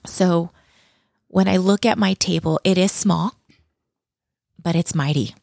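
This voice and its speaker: Husky-edged earnest middle-aged woman. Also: fairly low pitch, unhurried, a little mellow, no echo, studio quality. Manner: earnest, heartfelt, repeats words for emphasis. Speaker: guest. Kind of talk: reflective personal interview talk.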